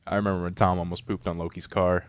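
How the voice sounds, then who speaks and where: A man's voice: low voice, flat delivery, fast talker. A man co-hosting a podcast, telling rambling, laugh-filled stories in casual chat. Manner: laughing storyteller, rambling anecdotes. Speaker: podcast co-host.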